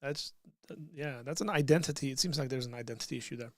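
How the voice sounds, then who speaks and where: A man's voice: mid-range voice, fast, dry recording, clean studio sound. A man hosting a casual livestream, reading out chat questions and answering them in a loose, conversational way with frequent restarts.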